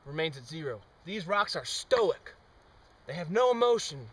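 A young man giving a deadpan, mock-serious comic monologue outdoors, with sudden loud outbursts. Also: fairly high pitch, moderate pace, slightly rough, distant mic. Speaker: amateur experimenter. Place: outdoors on a trail.

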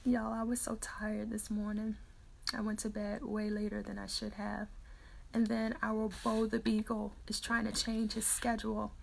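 A woman's voice: medium pitch, monotone, normal speed, vocal fry. A woman hosting a morning Bible-reading livestream, chatting casually and reading out viewer comments, laughing often. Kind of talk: casual chat with live viewers.

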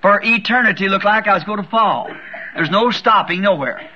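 A man's voice: high-pitched, moderate pace, a little hiss or hum. A man preaching a sermon, telling a vision as a fervent testimony and repeating words for emphasis. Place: church. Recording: dull lo-fi 1960s tape recording.

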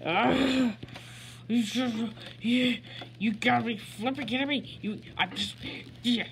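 A woman voicing an excitable male cowboy toy sheriff in gameplay commentary, repeating and sputtering words. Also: on the high side, measured pace, a little hiss or hum. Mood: frustrated. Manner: repeats phrases over and over, sputters and stammers. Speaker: gamer playing in character.

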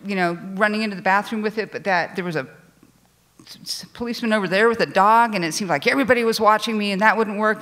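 On a theater stage before a live audience, a woman tells a personal story at a storytelling show. She is animated and self-deprecating, restarts often, and speaks with a fairly low pitch.

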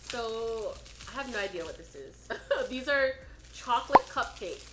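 Young american girl chatting about snacks, quick questions, bright voice, echoey room. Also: on the high side, animated, a little hiss or hum. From United States. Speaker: co-host. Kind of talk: casual snack taste-test chat.

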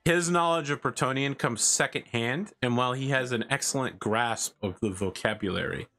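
A man's voice: mid-range voice, moderate pace, sharp tone, slight background noise. A man playing a tabletop game, chatting playfully with his group. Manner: playful, explains with laughs. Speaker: player.

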